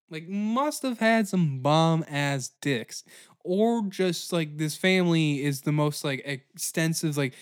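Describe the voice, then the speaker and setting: Comic history podcast host, crude and animated, slightly high voice. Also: male voice. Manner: profane, laughing, animated riffing. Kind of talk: comedic history monologue.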